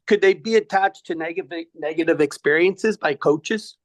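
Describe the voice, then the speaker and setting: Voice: mid-range voice, moderate pace, dry recording. A caller asking a coach a question in a rambling, conversational way. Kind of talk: casual question.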